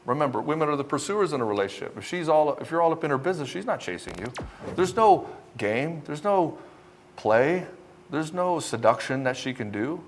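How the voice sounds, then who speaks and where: This relationship coach for men has a fairly high, very animated voice and talks fairly quickly, with a little hiss or hum in the recording. Addressing the camera head-on, he's blunt, curses a lot, and mimics the men he calls out to mock them.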